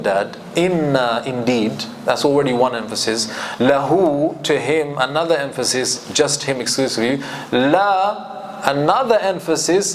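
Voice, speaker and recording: In a lively scripture commentary lesson, a man acts out quoted speech and recites verses in Arabic. His voice is mid-range, and there's slight background noise.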